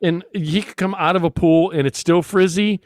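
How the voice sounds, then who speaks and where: A man's voice: high voice, fairly even intonation, moderate pace, no echo. A man hosting a talk show, telling a long story with frequent laughs and restarts. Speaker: podcast host. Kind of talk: casual storytelling chat.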